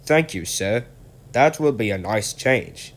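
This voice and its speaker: A man voicing a gentle, humble male steam engine who speaks politely and softly. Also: lowish voice, animated, slow pace, exaggerated voice.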